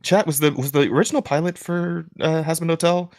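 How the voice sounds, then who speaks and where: A man hosting a podcast in casual chat with a smooth voice. He rambles with many restarts. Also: on the high side, steady tone, a little fast, a little mellow, no room sound, studio quality. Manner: rambling, many restarts and fillers, laughs while talking. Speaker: podcast host.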